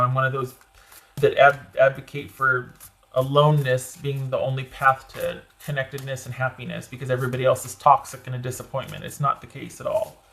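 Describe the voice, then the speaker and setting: A man with a medium-pitched, pushed and bright voice gives a casual tarot reading, chatting and rambling with plenty of "like" and "you know" fillers. His voice turns a little crackly as he goes.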